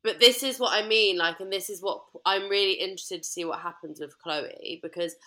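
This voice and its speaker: A woman's voice: medium pitch, fairly quick, bright, forceful tone. A young British woman with a fairly posh accent, co-hosting a podcast in casual, blunt chat. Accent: British English, fairly posh. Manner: chatty, blunt, swears freely. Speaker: podcast co-host.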